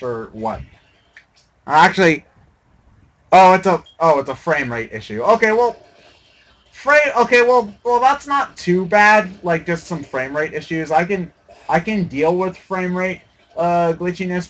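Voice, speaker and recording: A man's voice: fairly high pitch, a bit bright, slight background noise, poor audio. A man streaming a video game, giving rambling, sarcastic and profane casual commentary.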